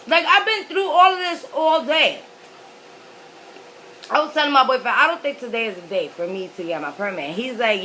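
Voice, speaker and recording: Bright-voiced chatty woman vlogger. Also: sits high, normal speed, a little hiss or hum, rough recording. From New York City. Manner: chatty, rambling, lots of fillers. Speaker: mukbang vlogger. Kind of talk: casual storytelling while eating.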